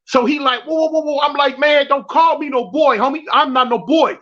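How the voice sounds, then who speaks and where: A man from South Central Los spins a prison story in slang, repeating himself and acting out each quote. His voice sits very high. The recording sounds dull and lo-fi. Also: brisk, sharp tone. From South Central Los Angeles. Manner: acts out quotes, repeats and restarts phrases, slangy. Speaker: guest telling a prison story. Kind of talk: animated storytelling.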